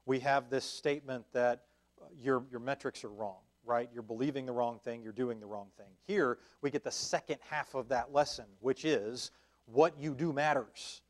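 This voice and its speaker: A man's voice: medium pitch, normal speed. A man leading a church Bible study, talking it through conversationally with fillers and restarts and checking in with his listeners. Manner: checks in with listeners with a questioning "right?". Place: church meeting room.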